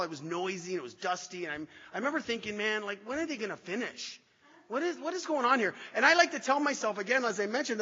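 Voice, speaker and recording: A man's voice: sits high, bright, forceful tone. A man giving a personal recovery testimony to an audience, self-deprecating and storytelling with frequent restarts. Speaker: recovery speaker sharing his story. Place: hall with a live audience. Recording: echoey hall, dull lo-fi sound.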